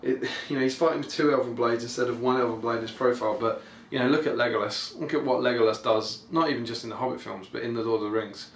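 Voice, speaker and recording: A man's voice: medium pitch, steady tone, fast talker, few pauses. A man hosting a podcast, giving casual, rambling and enthusiastic commentary full of ums. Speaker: podcast host. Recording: echoey room, faint background noise.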